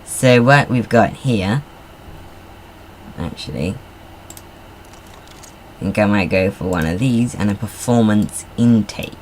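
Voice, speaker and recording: A man's voice: on the low side, slow pace, long pauses, slight background noise. A man giving casual, rambling commentary while playing a car design game. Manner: rambling, chatty, self-deprecating asides. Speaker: gamer.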